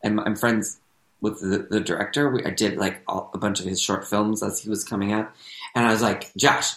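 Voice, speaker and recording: An American man, an actor and comedian, chatting casually on a podcast in a rambling, self-correcting, animated way. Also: fairly low pitch, brisk. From United States. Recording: roomy echo.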